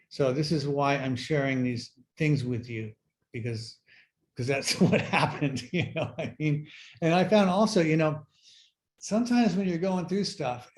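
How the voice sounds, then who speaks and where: A middle-aged man sharing his recovery story at a workshop, speaking in a halting, reflective way with many fillers and restarts. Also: medium pitch, a little mellow. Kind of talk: personal sharing talk.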